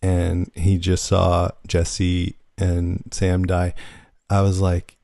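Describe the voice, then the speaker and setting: Deep gravelly man chatting. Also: completely flat delivery, dark tone, no echo, studio quality. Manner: musing, chuckling, halting restarts. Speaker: podcast co-host. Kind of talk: casual fan discussion.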